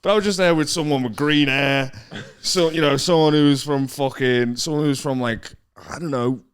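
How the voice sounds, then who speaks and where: A man's voice: fairly high pitch, steady tone, normal speed, clear, resonant tone. A man co-hosting a comedy podcast, telling rambling anecdotes in casual banter and swearing freely.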